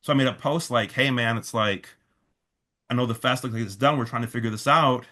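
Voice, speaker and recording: A man's voice: mid-range voice, fairly quick, sharp tone. A man, a festival organizer, telling a long story in a casual interview, full of fillers and restarts, quoting others in his own voice.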